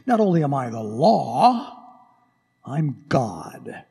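A priest voicing a cruel, arrogant ancient Roman emperor who mocks a prisoner, in a big echoing church. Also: male voice, mid-range voice, very animated, slow pace, gravelly, warm tone, slightly rough, heavily acted. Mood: domineering. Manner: scornful, laughing, domineering. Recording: echoey church from some distance.

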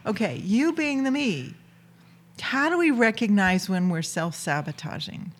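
A woman co-hosts a relationship podcast in a relaxed, chatty way. She is bubbly and laughs easily, and her voice sits at a middle pitch. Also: measured pace. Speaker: podcast co-host. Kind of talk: casual chat.

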